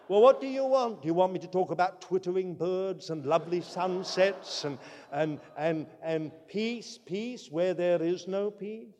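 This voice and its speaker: A man preaching a sermon, earnest and emphatic, swinging between loud declarations and quiet asides. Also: high voice, unhurried. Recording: long reverb from a large hall.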